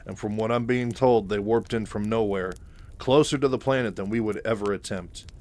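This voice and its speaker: Man reading as a stern colonel barking clipped orders, lowish voice, storybook retelling. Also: moderate pace, darkish tone, lightly acted. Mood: grim. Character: stern male military colonel commanding a starship.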